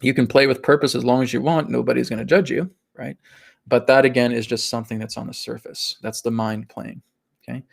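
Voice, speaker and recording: A man hosting a live spiritual talk and Q&A in a casual, animated way, often checking in with "right?" and acting out voices. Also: medium pitch, a little fast, gravelly, husky. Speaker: host and spiritual teacher.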